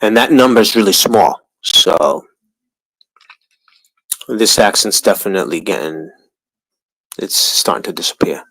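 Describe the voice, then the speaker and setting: A man's voice: sits low, animated, unhurried, vocal fry, long pauses, fairly bright tone, breathy edge, poor audio. A man with a New York accent hosting a livestream, rambling in crude, profane casual chat. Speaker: livestream host.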